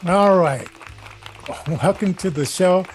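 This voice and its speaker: A man's voice: high-pitched, slow pace, a faint crowd, slight background noise. A man co-hosting a talk show in a chatty, casual way, often stammering and restarting his sentences. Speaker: co-host.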